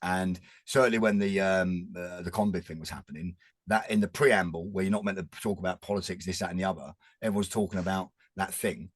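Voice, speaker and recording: A man's voice: sits low, steady tone, fairly quick, breathy edge, dry recording. A man, talking earnestly and rambling in a casual chat as a podcast guest. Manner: rambling, restarts often, earnest.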